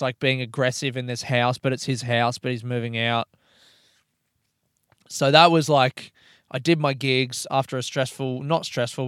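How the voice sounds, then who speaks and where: A man's voice: mid-range voice, clear, resonant tone, dry recording, studio quality. A young male comedian telling a story in a rambling, swearing, wry way, recording himself in a parked car. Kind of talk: casual storytelling monologue. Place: parked hire car by a road.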